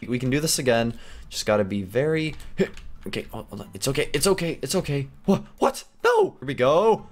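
An excitable young man narrates his game as he plays, his voice swinging widely in pitch as he yelps at close calls. He hosts a gaming channel, with a mid-range voice and a home-setup sound. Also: a little fast. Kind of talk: playing a game with commentary.

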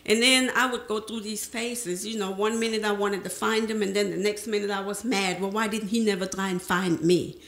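A middle-aged woman on a panel tells an audience her life story, lively and acting out remembered conversations by slipping into other people's voices. Her mid-range voice has a gravelly edge and moves at a normal speed with hardly any pauses. The presentation room rings with echo around her.

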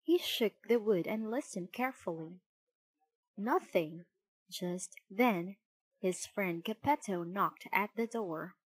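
A woman narrating a children's storybook in a clear, measured reading. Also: mid-range voice, expressive, rough recording.

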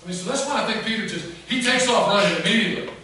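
A man preaching a sermon as pastor, telling the story in a folksy, animated way and acting out the quoted voices. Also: sits high, rapid-fire. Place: church sanctuary. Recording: echoey church from a distance with noise.

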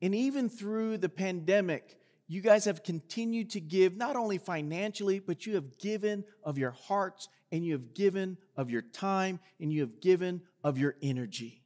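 A man's voice: high voice, moderate pace, few pauses, a little mellow. A man preaching a sermon as the pastor, talking earnestly and reading scripture aloud with rising force. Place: church sanctuary. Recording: long reverb of a large hall.

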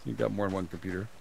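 A man's voice: fairly low pitch, gravelly, heavy background noise. A man streaming a co-op game with friends, joking around and breaking into bits of song. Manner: joking, bursts into snatches of song. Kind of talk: casual gaming chat.

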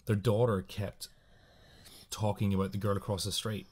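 A man's voice: lowish voice, flat delivery, darkish tone. A man co-hosting a podcast, casually reading out short spooky anecdotes with playful asides. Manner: chatty, playful, quick asides. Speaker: podcast co-host.

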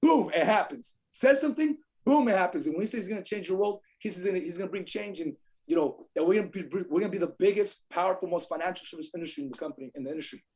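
A man telling stories on a podcast in a fast, emphatic way, with quiet somber moments and loud bursts. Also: sits high, breathy edge. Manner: fast, emphatic, swings between quiet sorrow and loud energy. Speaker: podcast guest, insurance agent. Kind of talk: animated storytelling.

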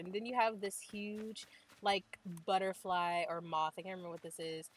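A woman's voice: mid-range voice, little pitch movement, moderate pace, low-quality recording. A young woman chatting casually as she tours a video game island, gushing and saying "like" constantly. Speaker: gaming channel host. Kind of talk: casual game tour commentary.

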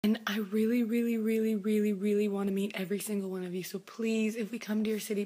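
A woman's voice: mid-range voice, darkish tone. A young woman singer who has just been crying, talking earnestly to her fans, often dropping into a whisper. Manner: earnest, breathy, drops to whispers, many "like"s. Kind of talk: emotional vlog address to fans.

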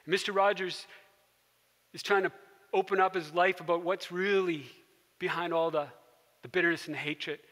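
Guy preaching a sermon, high bright voice, long church hall reverb, storytelling and going soft and hushed sometimes. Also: steady tone, normal speed, long pauses. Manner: storytelling, dropping to a soft hush for quiet moments. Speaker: pastor. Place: church sanctuary.

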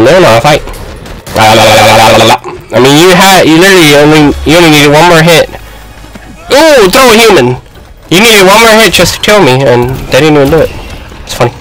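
An excitable young man plays a fighting game and comments on it the whole time, shouting and trash-talking at his opponent. His voice is bright and forceful, and it leaps all over the place in pitch. He talks at an unhurried pace between the bursts of yelling. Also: rough recording. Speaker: gaming YouTuber.

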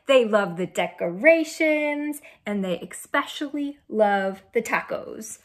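Young woman, storybook read-aloud, bouncy sing-song pitch, slow unhurried delivery, questions to kids. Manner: animated, asks children questions. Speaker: children's storyteller. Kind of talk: reading a picture book aloud to children.

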